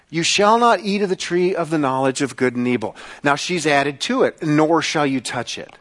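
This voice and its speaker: A man preaching from the pulpit with a slightly high voice. He asks rhetorical questions and acts out mocking voices to make a point, then drops low and quiet to pray. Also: measured pace. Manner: hushed prayer voice. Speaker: pastor. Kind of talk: sermon.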